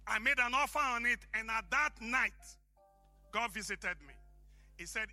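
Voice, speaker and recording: A man with an African accent, preaching a sermon as pastor, impassioned and shouting for emphasis. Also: extremely high pitch, expressive, moderate pace, long pauses, no room sound, soft background music.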